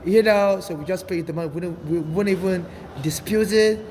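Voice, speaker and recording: High-voiced guy in his 40s, rambling and urgent, repeats himself a lot, faint street noise behind. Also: normal speed, darkish tone. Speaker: vlogger. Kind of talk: agitated personal monologue. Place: city streets and transit.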